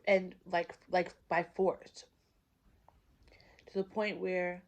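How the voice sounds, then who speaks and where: A woman chatting casually to the camera while eating, pausing between bites and asking viewers questions. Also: fairly low pitch, a little mellow. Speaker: vlogger. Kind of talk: casual mukbang chat.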